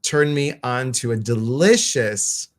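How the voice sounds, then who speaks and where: Casting: male live-stream host, gushing, rambly, lots of ums, mid-pitched. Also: expressive, slow. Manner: effusive, rambling, frequent fillers. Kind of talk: casual live-stream chat.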